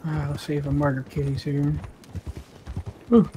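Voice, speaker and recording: High-voiced man chatting in a roleplay game. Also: normal speed, a little hiss or hum. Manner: animated storyteller, swears freely. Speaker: roleplay gamer. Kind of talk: in-character roleplay chat.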